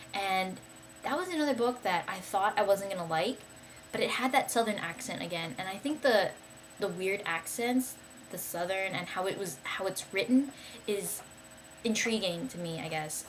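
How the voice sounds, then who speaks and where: A woman's voice: mid-range voice, normal speed, a little hiss or hum. A young woman talking casually to camera about books she liked, rambling and enthusiastic, with many fillers and restarts. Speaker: vlogger.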